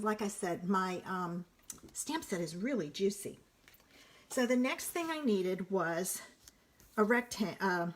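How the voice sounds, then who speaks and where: A woman's voice: medium pitch, a little hiss or hum. A woman demonstrating card making on a live stream, chatting casually and thinking aloud as she works. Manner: chatty, thinks aloud, slow and unhurried, self-correcting. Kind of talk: casual live crafting demo.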